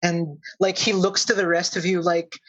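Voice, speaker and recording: A man narrating a tabletop game as game master, halting with many fillers. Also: high-pitched, little pitch movement, muffled recording.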